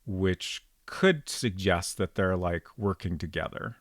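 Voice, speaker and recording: A man with a fairly low voice plays through a detective game on stream and thinks aloud as he goes. His casual commentary wanders and muses, with plenty of ums. The recording is close and dry. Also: takes it slowly, dry recording. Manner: thinks aloud, rambling and musing with frequent ums. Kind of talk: casual let's-play commentary.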